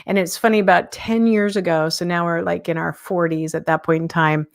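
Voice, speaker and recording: A woman's voice: fairly low pitch, fairly even intonation, fairly quick, creaky. Woman, 50s, podcast host, casual live monologue, candid and self-mocking. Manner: candid, self-deprecating, chuckles often.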